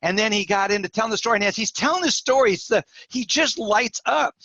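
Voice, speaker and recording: A man's voice: high voice, quick pace, dry recording, lo-fi sound. A middle-aged man, a mortgage industry coach, telling stories as a podcast guest and acting out the dialogue with energy. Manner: animated storyteller acting out quoted dialogue. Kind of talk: storytelling in a podcast interview.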